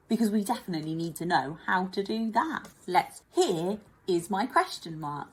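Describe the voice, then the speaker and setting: A woman's voice: on the high side, husky. Encouraging woman teaching kids. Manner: warm, encouraging, speaks directly to children. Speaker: primary school teacher. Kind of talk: online lesson for children.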